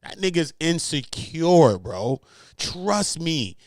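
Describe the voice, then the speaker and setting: A man's voice: on the high side, very animated, takes it slowly, a little mellow, dry recording, studio quality. A man hosting a commentary show, talking in brash, slang-filled, profane bursts. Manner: brash, swearing, laughing, slangy. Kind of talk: casual commentary.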